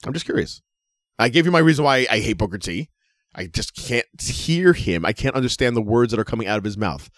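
In studio-quality audio with no room sound, a man with a lowish voice co-hosts a wrestling podcast. His casual talk turns into animated rants full of profanity and frequent laughter.

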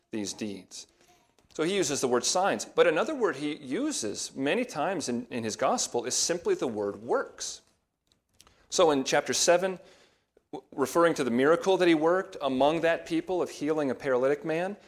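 A man delivering an expository sermon, walking his listeners through a passage verse by verse. His tone is measured and patient, rising to stress the words that carry the point. His voice sits in an ordinary middle register. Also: mid-range voice. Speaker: pastor.

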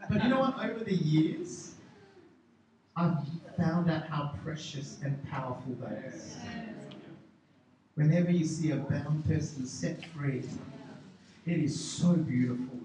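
Animated pastor preaching in an echoey hall. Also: male voice, a little high, measured pace. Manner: animated storytelling, self-mocking humor. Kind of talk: sermon. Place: large church hall. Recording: echoey hall, distant mic, noisy.

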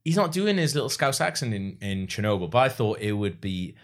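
A man hosts a comedy podcast, rambling through his stories with plenty of ums and laughter. His voice sits on the low side. The chat is loose and casual. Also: sing-song, a little fast. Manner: rambling, hesitant, laughs often.

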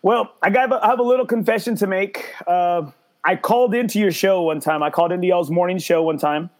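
A man with a high-pitched voice hosts a podcast. He tells stories in an animated way and pokes fun at himself in casual chat. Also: a little fast. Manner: animated storyteller, self-mocking. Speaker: podcast host.

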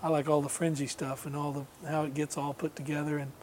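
A man with a somewhat high voice tells a story in easygoing conversation, wandering and laughing as he goes. He speaks as a guest musician, over a faint hum of room noise. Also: quick pace. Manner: relaxed, rambling, laughs often, mimics voices in anecdotes. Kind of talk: casual storytelling.

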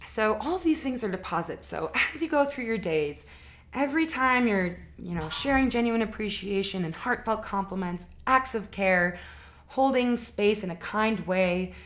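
A woman's voice: mid-range voice, animated, moderate pace. A woman giving a casual spoken lesson on relationships, talking in an earnest, conversational way with frequent fillers and self-corrections.

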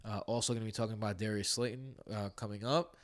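A man's voice: fairly low pitch, steady tone, quick pace. A man hosting a casual fantasy football podcast, running through injury news with joking asides.

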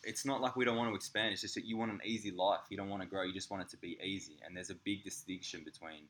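A man with a very low voice talks in a relaxed podcast chat. He tells frank, sweary stories and mimics other people as he goes. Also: quick pace. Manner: candid, sweary storytelling with lively impressions. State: slightly sick. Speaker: podcast co-host. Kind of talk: casual chat.

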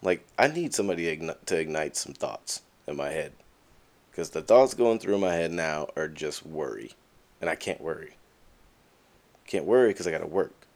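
Young male podcast host, low voice, very expressive pitch, candid casual monologue, acts out quoted voices. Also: normal speed.

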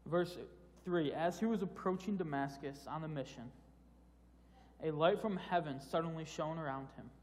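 A man's voice: on the high side, normal speed, a little mellow. A man preaching a sermon in a casual, conversational way, often restarting phrases and repeating words. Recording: long hall reverb.

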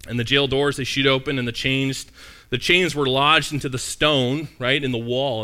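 A man's voice: medium pitch, sharp tone. A man preaching a sermon in a conversational, storytelling way, often asking the listeners questions.

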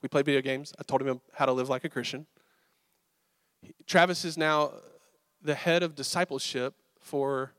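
A man preaching a sermon, telling stories in a casual, animated, conversational way. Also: mid-range voice, no room sound, studio quality. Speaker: pastor.

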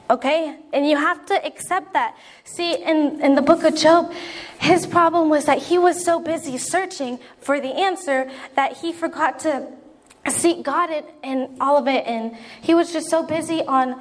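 A woman's voice: sits high, normal speed. A young woman preaching a sermon in an earnest, conversational way, acting out prayers as she goes.

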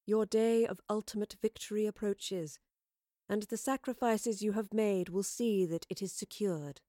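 A woman voicing a scheming woman posing as a goddess, speaking slowly and low in a commanding, intoning way. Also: fairly even intonation, mellow, no echo, studio quality, close to an everyday voice.

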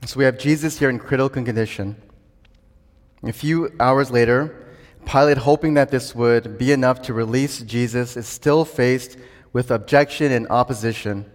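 A man's voice: mid-range voice, moderate pace. A man preaching a sermon earnestly, building to emphatic declarations. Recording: long hall reverb.

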